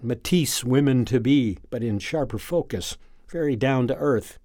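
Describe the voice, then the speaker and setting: Male narrator, unhurried and reflective, close dry voice, mid pitch; reads a personal story. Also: dry recording. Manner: calm, measured, reflective. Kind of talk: first-person story reading.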